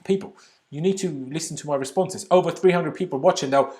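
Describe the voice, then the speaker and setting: A man's voice: a little high, fast, darkish tone, slight background noise. A young man hosting a live stream, chatty and opinionated as he reads and answers chat questions. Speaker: YouTube channel host. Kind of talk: live stream Q&A about football.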